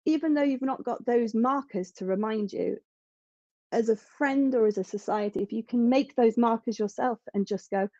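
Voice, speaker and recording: A woman's voice: fairly high pitch, moderate pace, dark tone, no room sound, muffled recording. A woman speaking as a podcast guest in an earnest, reflective way, often restarting her sentences. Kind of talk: conversational interview.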